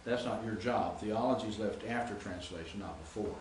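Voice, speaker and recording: A man's voice: on the low side, brisk, echoey room, a little hiss or hum, low-quality recording. A man teaching Greek grammar in a classroom lecture, explaining and reciting word forms.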